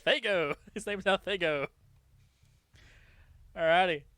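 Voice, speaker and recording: A man casting a game tournament, excitable and laughing often, catching and correcting his own slips. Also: high voice, moderate pace, no echo. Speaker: tournament caster. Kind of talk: casual game commentary.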